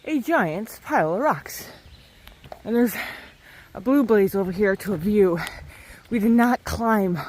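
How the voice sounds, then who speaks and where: A woman thru-hiker vlogging outdoors on a mountain trail into a handheld camera, a chatty, animated storyteller. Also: medium pitch, measured pace, long pauses, a little hiss or hum. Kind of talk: casual trail vlog.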